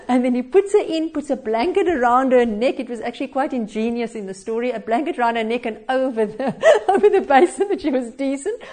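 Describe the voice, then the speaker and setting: A woman's voice: fairly high pitch, darkish tone. A woman preaching a devotional sermon, telling a story expressively with little chuckles and hesitations.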